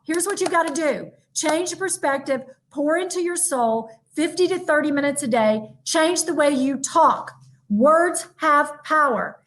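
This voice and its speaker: A woman giving a lively, emphatic motivational keynote, talking straight to her audience. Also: high voice. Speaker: motivational speaker. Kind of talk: virtual keynote talk.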